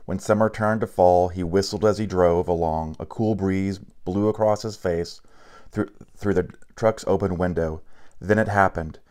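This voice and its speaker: A low-voiced male narrator reads a picture book aloud at a steady, unhurried pace, with a few slips and restarts along the way.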